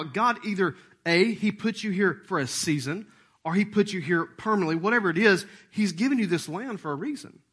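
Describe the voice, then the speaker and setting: Man, thirties, pastor, sermon, folksy and joking, bright forceful tone, slightly high voice. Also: slightly rough. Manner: folksy, joking, animated preaching with acted-out voices.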